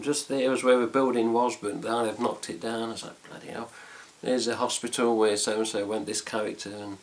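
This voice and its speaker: A man's voice: medium pitch, flat delivery, fairly quick, hardly any pauses. A man with an English accent chatting casually to camera about a trip, rambling with fillers and mild swearing. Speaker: fan site vlogger. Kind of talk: casual chat.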